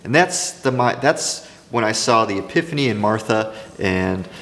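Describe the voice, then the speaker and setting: Lowish-voiced guy rambling thru craft business tips, echoey hall sound. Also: normal speed. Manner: rambling, restarts often, animated storytelling. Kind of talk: casual talk to camera.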